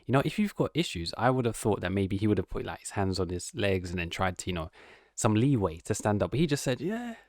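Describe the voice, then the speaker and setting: A man with a lowish voice reacts to clips in a casual, slangy way, sounding openly incredulous and mocking. He is recorded on a close mic in a dead-dry space with no room sound. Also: expressive, quick pace, a little mellow, no room sound. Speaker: online commentator.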